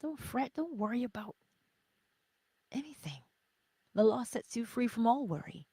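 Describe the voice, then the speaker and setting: A middle-aged woman hosting a casual spiritual livestream, chatting with viewers, telling stories and often dropping into soft whispers. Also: fairly high pitch, sing-song, normal speed, husky, dry recording. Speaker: host of a morning livestream.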